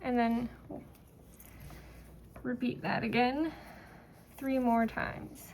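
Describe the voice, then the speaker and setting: A woman with a slightly high voice walks through a knitting pattern slowly, stopping to work the stitches as she talks. Her delivery is relaxed and easygoing, with fillers. A faint hiss sits under the recording. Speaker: knitting instructor. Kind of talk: step-by-step craft tutorial.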